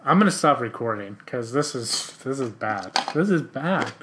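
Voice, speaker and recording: A man's voice: mid-range voice, lively intonation, moderate pace, heavy background noise. A man hosting a casual podcast, rambling and laughing often as he talks. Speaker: podcast host.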